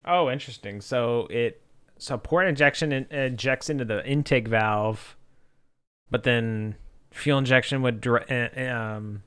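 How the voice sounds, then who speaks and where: Male streamer, bright voice, loose rambling delivery, reads chat aloud. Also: medium pitch, measured pace, clear, resonant tone. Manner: rambling, thinking aloud with many fillers. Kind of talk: casual livestream chat.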